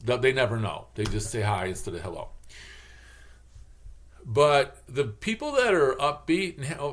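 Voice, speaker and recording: A man's voice: mid-range voice, lively intonation, a little slow, pauses often. A man from Michigan with a Michigan accent, rambling in a casual, digressive monologue and acting out the voices he quotes. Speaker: channel host.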